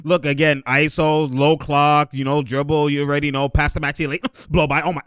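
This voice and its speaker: A man hosting a casual breakdown of game footage, excitable and slangy, laughing often as he talks through plays. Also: fairly high pitch, normal speed, gravelly, few pauses, dry recording, clean studio sound. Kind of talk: casual play-by-play film breakdown.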